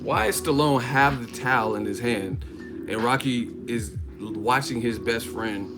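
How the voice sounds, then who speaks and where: A man's voice: medium pitch, a little slow. A man from Northern California hosting a boxing livestream, talking casually, joking and rambling with frequent laughs. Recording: music playing behind.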